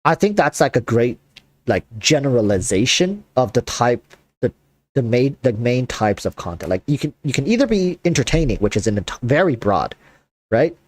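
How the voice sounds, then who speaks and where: A man hosting a casual chat, talking in an animated, rambling way with lots of fillers. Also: medium pitch, normal speed, no echo. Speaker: content creator and host.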